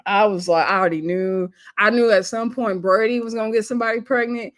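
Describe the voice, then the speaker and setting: A woman talks through a TV episode like she's catching up with a friend. She chats, laughs, and slips into quick voices for the characters she describes. Her pitch sits in an ordinary middle range. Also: steady tone. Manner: chatty, laughing storyteller who acts out quotes. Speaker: TV show reviewer. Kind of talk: casual episode recap.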